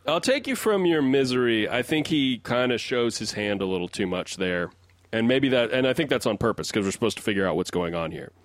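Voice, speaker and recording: The resident song analyst and co-host of a music podcast speaks in a fairly low, expressive voice, fairly quickly, with no echo. He rambles through his analysis in casual chat, often restarting sentences as he builds his point.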